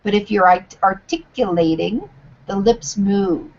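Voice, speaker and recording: A woman teaching yoga teacher trainees over a video call, giving clear, deliberate instructions. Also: mid-range voice, muffled recording. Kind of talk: live online teacher training.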